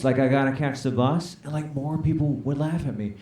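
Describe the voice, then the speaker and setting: A man's voice: on the high side, expressive, a little fast, warm tone. A man doing a stand-up comedy set on a club stage, playfully bantering with the audience. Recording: echoey club, mic at a distance, crowd noise. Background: audience laughter.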